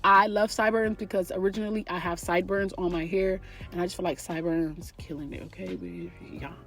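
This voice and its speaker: A woman's voice: on the low side, steady tone, quick pace, faint music behind. A woman giving a chatty, sassy hair tutorial straight to her viewers. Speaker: beauty vlogger teaching a wig install. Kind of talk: casual tutorial voice-over.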